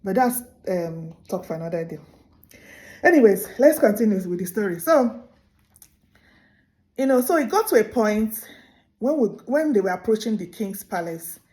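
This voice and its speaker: A woman hosts a late-night talk, spinning a folk tale with animated energy and frequent restarts. Her voice is warm and mellow, at a middling pitch for a woman. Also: moderate pace, pauses often. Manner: animated, full of restarts and laughs. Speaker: host. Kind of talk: casual storytelling to camera.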